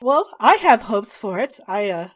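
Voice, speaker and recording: A gracious holy woman who leads a church, voiced by a woman game master. She speaks politely with a gentle teasing edge. Her voice has a middling pitch. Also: sing-song, a little slow.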